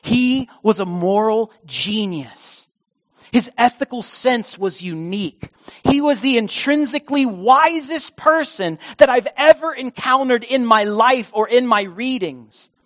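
A preacher voicing a reflective elderly man, speaking softly and slowly with emotion. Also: extremely high pitch, voice pushed up. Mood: tender.

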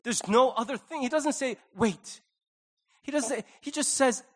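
High-voiced man preaching a sermon. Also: measured pace. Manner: conversational preaching with acted-out quotes. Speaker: pastor.

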